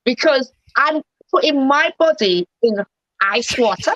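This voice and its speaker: A woman's voice: high voice, animated, unhurried, fairly bright tone, no room sound, highs cut off. Chatty, playful woman guest. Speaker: guest, actress. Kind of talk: casual chat.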